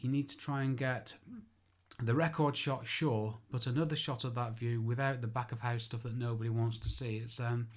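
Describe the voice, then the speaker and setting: Chatty self-correcting man. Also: medium pitch. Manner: chatty and self-deprecating, corrects himself aloud. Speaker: architectural photographer. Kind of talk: informal spoken tutorial.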